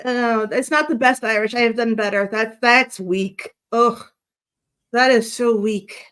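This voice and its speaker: A woman's voice: on the high side, a little slow, fairly bright tone, clear, resonant tone. Congested woman guest, rambling and laughing, call audio. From United States. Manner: rambling, laughing, self-correcting. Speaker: paranormal investigator guest. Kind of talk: casual chat.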